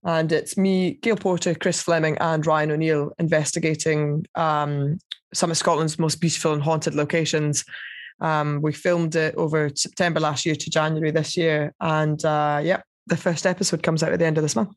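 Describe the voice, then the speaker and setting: A woman's voice: low-pitched, little pitch movement, normal speed, no echo, studio quality. A woman chatting as a podcast guest, candid and swearing freely as she acts out little quotes. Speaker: podcast guest, TV paranormal investigator. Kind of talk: casual chat.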